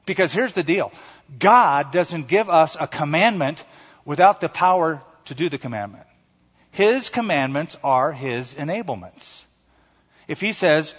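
Casting note: male preacher, fairly high-pitched, pausing for emphasis, lo-fi recording. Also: animated, breathy edge. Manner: emphatic, storytelling, with dramatic pauses. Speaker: pastor. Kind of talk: sermon. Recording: echoey hall, dull lo-fi sound.

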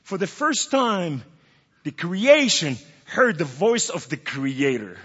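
In a dull, echoey hall recording, a Middle Eastern man gives a dramatic preaching testimony as a guest speaker. His slightly rough, a-little-high voice is very animated yet slow, and his theatrical manner lurches from hushed words to loud outbursts.

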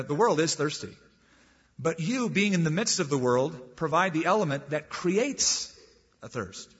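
A man preaching a sermon with emphatic stresses and words drawn out slowly for weight. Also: a little high, husky. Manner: emphatic, swings between loud stresses and drawn-out slow words. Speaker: pastor. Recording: dull, lo-fi recording in a reverberant hall.

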